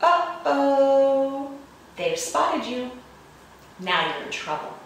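A woman reads a picture book to children in a slightly high, very animated voice, playful and expressive with roars and chuckles. She takes her time over every line. The sound is roomy and distant, with faint background noise. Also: takes it slowly. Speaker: children's librarian. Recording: echoey room from far off, faint noise.

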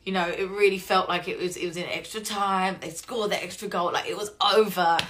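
Chatty English woman, low voice. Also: fairly even intonation, fairly quick, a bit bright. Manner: chatty, rambling, swears freely; gets emotional and laughs often. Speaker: voice actress hosting a fan Q&A stream. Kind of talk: casual live-stream chat.

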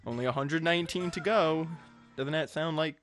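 A man's voice: on the high side, moderate pace, fairly bright tone, soft background music. A man giving casual, jokey gameplay commentary as a let's play host, rambling with crude asides.

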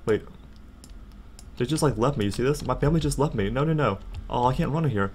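A young man giving casual, jokey let's play commentary and reading game text aloud, excitable and prone to sudden outbursts. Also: fast talker, creaky, slightly rough. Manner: excitable, jokey, jumps to high-pitched outbursts. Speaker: gaming channel host.

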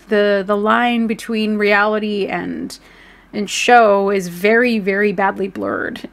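A woman in her thirties hosts a casual live stream, reading chat messages aloud and reacting to them. Her voice has a gravelly, fry-laden edge. She swears freely and laughs easily. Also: medium pitch, fairly bright tone.

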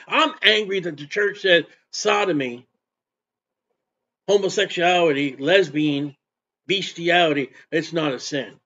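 A man preaching a sermon, quoting scripture with emphatic outbursts and quieter asides. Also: high-pitched. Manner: emphatic, repetitive, switches between loud outbursts and quiet asides. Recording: dull lo-fi recording.

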